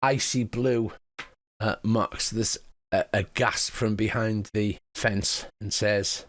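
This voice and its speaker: A man's voice: lowish voice, fairly even intonation. Male game master narrating. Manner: descriptive, halting, with fillers.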